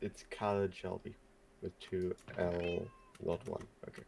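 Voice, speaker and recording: A man's voice: deep voice, level tone, a little slow, creaky, darkish tone, a little hiss or hum. A man on a voice chat joining a game, making dry, teasing remarks. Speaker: fellow player on voice chat. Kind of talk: casual voice chat.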